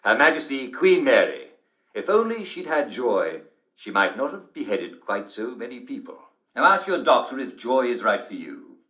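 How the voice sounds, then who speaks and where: An actor playing a smarmy TV presenter with jovial, theatrical patter. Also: male voice, medium pitch, big pitch swings, normal speed, reverberant, muffled recording, lightly acted. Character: Uncle Jack, smarmy English TV show host.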